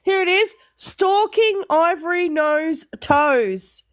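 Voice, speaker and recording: A woman's voice: very high voice, expressive, slow pace. A woman co-hosting a casual live stream, teasing and laughing often.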